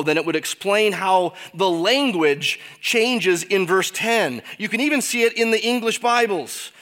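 A pastor preaching a sermon, emphatic at times and dropping to quiet asides. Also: male voice, long reverb tail. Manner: expressive, swings between emphatic peaks and quiet low asides.

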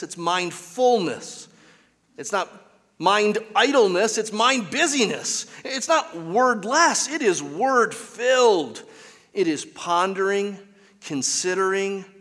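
A man's voice: high-pitched, a bit bright, in a large hall. A man preaching a sermon as pastor, with an emphatic, repetitive cadence, recorded in a church.

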